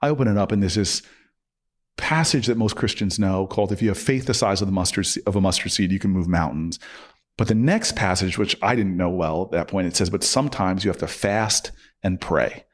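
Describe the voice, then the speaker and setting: A man's voice: sits low, a little fast. A man in his forties telling a personal story in a casual interview, acting out both sides of the argument. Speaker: podcast guest.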